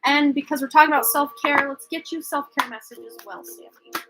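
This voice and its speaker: A woman's voice: high voice, fairly quick, over loud music, low-quality recording. A woman giving a live-streamed tarot reading, chatty and rambling, often unsure and laughing at herself. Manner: self-deprecating, laughs at herself. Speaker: tarot reader.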